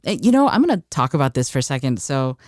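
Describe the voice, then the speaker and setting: A woman's voice: a bass voice, very animated, fast, darkish tone, dry recording, studio quality. A woman hosting a solo podcast, talking emphatically and repeating phrases to drive her points home. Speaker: podcast host.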